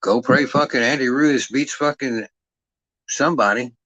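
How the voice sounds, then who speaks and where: A man's voice: mid-range voice, normal speed, sharp tone, dry recording, low-quality recording. A middle-aged man in a profane livestream rant, aggressive and mocking, swearing heavily and throwing out taunting rhetorical questions.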